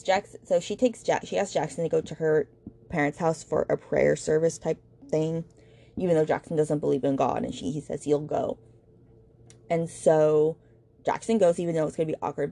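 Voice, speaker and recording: Woman, low voice, gravelly, mellow tone, casual book recap, blunt and chatty. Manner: chatty, blunt, retelling scenes with quoted dialogue. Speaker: book podcast host.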